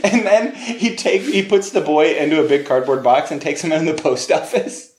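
A young man in casual chat, telling a funny movie story and acting out the characters in high, excited voices. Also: normal speed, reverberant. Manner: animated storyteller, acts out scenes in high voices.

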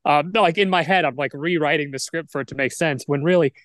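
A man co-hosting a film podcast in casual chat, animated and opinionated, arguing his points like the lawyer he is. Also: on the high side, quick pace, no room sound.

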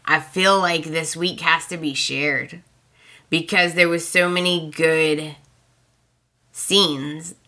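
A woman hosting a podcast, casually retelling soap opera scenes in an animated way and acting out the characters' lines. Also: low-pitched, takes it slowly. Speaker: podcast host.

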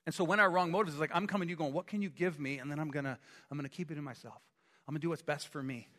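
Man, pastor, sermon, animated, acts out scenes, fairly high voice, bright tone, echoey hall. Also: very fast. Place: church sanctuary.

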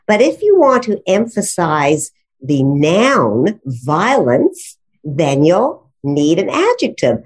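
A woman who teaches grammar explains rules with enthusiasm, her lowish voice rising and falling a great deal. She talks in an easy conversational way and laughs often. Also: wildly swooping pitch, slow, slightly rough. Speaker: grammar and writing instructor, guest.

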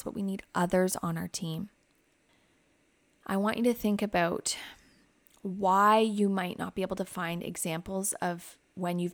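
A woman who hosts a psychotherapy podcast, guiding listeners through reflective questions in a gentle, advising way. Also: mid-range voice, vocal fry, dry recording. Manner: reflective, asks many questions.

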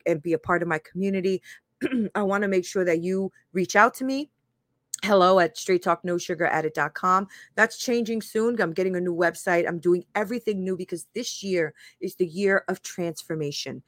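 A woman with a lowish voice, recorded dry, hosts a live motivational talk as a life coach and show host. She's candid, laughs often, swears casually, and voices her own inner critic while speaking.

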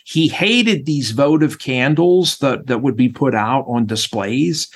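A middle-aged man, a former chef and interview guest, telling stories in an animated way and acting out voices. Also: medium pitch, takes it slowly, husky. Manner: animated storyteller, acts out voices. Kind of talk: storytelling interview chat.

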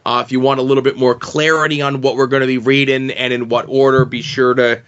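A man hosting a podcast in casual chat, steady and relaxed as he hands things over. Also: medium pitch, quick pace, muffled recording. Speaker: podcast host.

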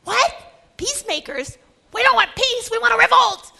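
A woman voicing a crowd of poor, oppressed peasants who exclaim in high, excited shouts. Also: normal speed, exaggerated voice. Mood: indignant.

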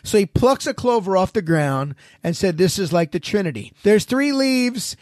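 A man with a high voice hosts a casual theology podcast. He talks with energy and keeps asking his co-hosts rhetorical questions. The recording is dry and close. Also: lively intonation, moderate pace, dry recording. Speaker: podcast host.

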